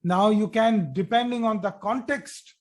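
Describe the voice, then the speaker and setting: A man teaching an online Arabic grammar lesson, explaining slowly and repeating himself, with frequent "okay?" checks. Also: high voice.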